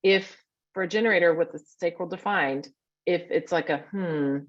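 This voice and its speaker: A woman's voice: lowish voice, moderate pace. Woman teaching casually over a dull call line. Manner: chatty, warm asides, sounds out grunts and hums. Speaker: workshop teacher.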